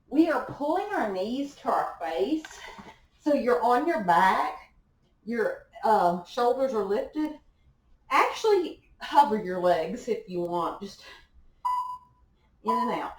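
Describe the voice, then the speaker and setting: A woman's voice: a little high, sing-song, slow pace, long pauses, a little hiss or hum. Breezy woman coaching a workout. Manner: encouraging coaching cues with small laughs. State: out of breath at times. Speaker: fitness instructor. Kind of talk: live workout class instruction. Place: indoor workout room. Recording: echoey room, voice from far off.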